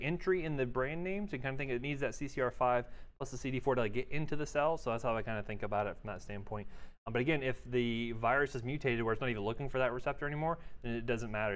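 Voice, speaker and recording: A man giving an exam review lecture in a casual, joking way, quizzing his students. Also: mid-range voice. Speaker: pharmacology lecturer.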